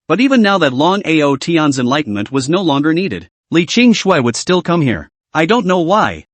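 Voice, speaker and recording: A man reading a comic story recap aloud, in a steady, scripted storytelling manner. His voice sits fairly high and moves in a lively, animated way. The sound is dry and close. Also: no echo. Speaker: story narrator.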